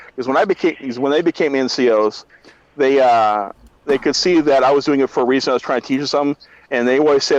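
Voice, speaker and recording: A man who is a retired army drill sergeant, telling profane, animated barracks stories in casual chat. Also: mid-range voice, quick pace, no echo, dull audio.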